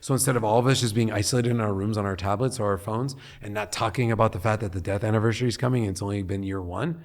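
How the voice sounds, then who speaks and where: A middle-aged man from Long Beach speaks as a podcast guest. His voice sits low, and his manner is earnest and animated. He often slips into acting out what other people might say. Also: fast talker. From Long Beach, California. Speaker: guest, head of a nonprofit. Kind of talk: podcast interview.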